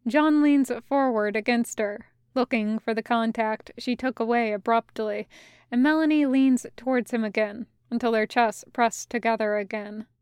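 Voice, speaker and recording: A woman narrating a fanfiction audiobook in a calm, gentle manner. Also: a little high, moderate pace, smooth, dry recording. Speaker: audiobook reader.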